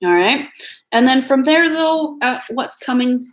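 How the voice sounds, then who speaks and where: A woman's voice: high voice, animated, unhurried, slight background noise, rough recording. A woman with a Canadian accent giving a live tarot reading at home, chatty and reassuring with many fillers and restarts. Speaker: tarot reader. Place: home with family noise nearby.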